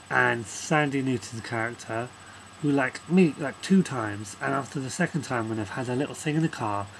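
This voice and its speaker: A low-quality recording captures a man ranting casually about a film, wandering from point to point and cursing freely as his frustration mounts. His voice is mid-pitched and a bit bright, with faint noise running in the background.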